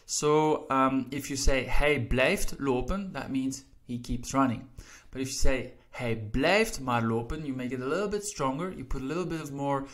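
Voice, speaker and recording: Patient man teaching with steady checks. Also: medium pitch. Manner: repeats "right?" and "all right?" after points, slows down to read example sentences. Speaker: language teacher. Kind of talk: explaining lesson to viewers.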